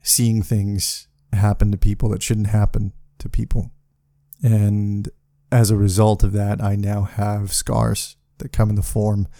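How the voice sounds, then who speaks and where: Give me a man with a warm, dry-sounding voice, venting in a halting, profane podcast monologue. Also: lowish voice, no echo. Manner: profane, halting, with many restarts. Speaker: podcast host. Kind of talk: casual solo podcast monologue.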